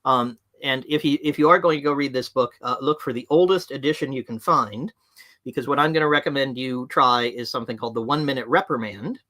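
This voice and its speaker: A man's voice: medium pitch, brisk, pushed and bright. A man presenting a live webinar, speaking frankly and directly to his audience. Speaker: livestream presenter on management.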